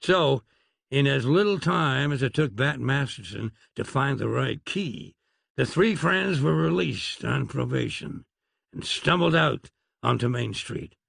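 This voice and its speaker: A male audiobook narrator with a wry, dry sense of humor, reading in a heavily gravelly, fry-laden voice. His tone is husky rather than clear. The recording is close and dry, with no room sound. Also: medium pitch, expressive, unhurried, a bit bright, dry recording.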